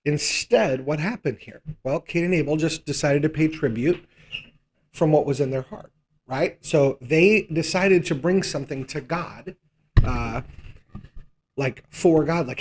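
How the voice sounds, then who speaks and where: A man's voice: a little high, lively intonation, a little slow, husky. A man teaching a live Bible study, conversational and thinking aloud, often checking in with rhetorical questions.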